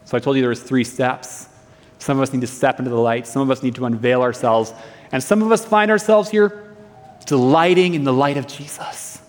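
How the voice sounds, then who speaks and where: A man's voice: mid-range voice, a little fast. A young man preaching a sermon in a church, telling a personal story in an earnest, conversational way. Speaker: pastor. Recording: long reverb of a hall.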